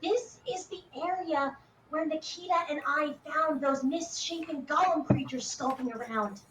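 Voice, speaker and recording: Very high-voiced rambling game player. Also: a little slow, a bit bright, reverberant, far from the mic, slight background noise. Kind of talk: tabletop game play.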